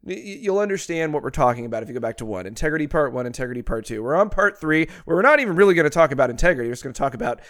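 A man co-hosting a podcast in casual banter, crude and quick to get outraged. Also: fairly high pitch, animated, a bit bright, dry recording, studio quality. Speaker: podcast co-host.

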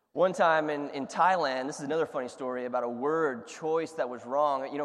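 A man preaching a sermon, telling funny stories in an animated way and laughing along. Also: fairly high pitch, big-room sound. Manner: animated storyteller, laughs at his own stories. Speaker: pastor.

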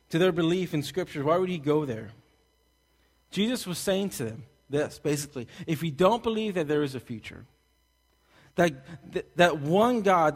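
A man from Texas preaching a sermon, telling jokes and stories with big swings between loud and soft. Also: sits high. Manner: animated, joking storyteller who swings loud and soft. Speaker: pastor. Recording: long hall reverb.

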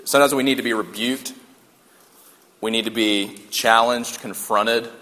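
A man's voice: medium pitch, steady tone, unhurried, pushed and bright. A man preaching a sermon in a conversational way, repeating key lines for emphasis and joking along the way. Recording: long hall reverb.

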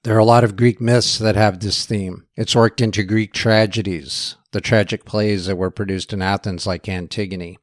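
A man's voice: fairly low pitch, normal speed, hardly any pauses, dry recording, clean studio sound. A man giving a storytelling history lecture. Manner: relaxed storyteller.

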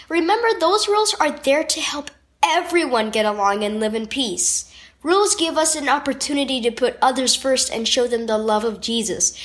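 Woman reading a kids devotional, lively and a bit high, storyteller vibe. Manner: clear, expressive storyteller reading aloud. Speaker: devotional narrator. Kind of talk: scripted narration of a children's devotional.

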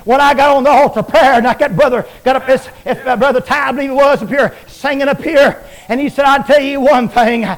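High-pitched shouting preacher man. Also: fairly even intonation, brisk, hardly any pauses, poor audio. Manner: chanting, repetitive, rises to shouts. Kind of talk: shouted revival sermon.

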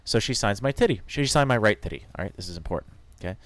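A young adult man co-hosting a podcast, telling a rowdy anecdote in an animated, jokey way. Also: lowish voice, quick pace, no echo. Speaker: podcast co-host. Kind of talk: casual storytelling chat.

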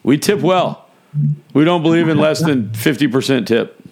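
A man co-hosting a casual podcast, teasing and chiming in with quick jokes. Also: fairly high pitch, lively intonation, darkish tone. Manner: joking, teasing, chimes in with quick quips. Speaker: podcast co-host. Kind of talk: casual chat.

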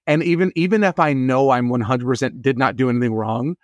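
A man hosting a comedy podcast, chatting playfully with quick self-deprecating asides. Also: mid-range voice, no echo, studio quality. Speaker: podcast host. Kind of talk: casual comedic podcast chat.

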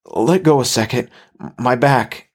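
A man voicing a frightened young man who stammers and sobs his pleas in a high, strained voice. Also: unhurried. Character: frightened young man, pleading then panicked.

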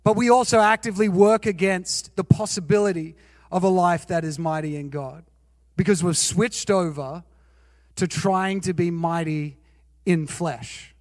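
High-voiced pastor telling a story. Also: male voice, a little slow, dry recording, long reverb tail. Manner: animated, self-mocking, asks the audience questions. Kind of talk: sermon with personal storytelling.

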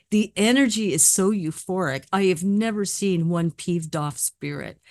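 Low-voiced woman, earnest medium. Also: no echo, studio quality. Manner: earnest, storytelling, gentle reassuring tone. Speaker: psychic medium. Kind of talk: casual panel discussion.

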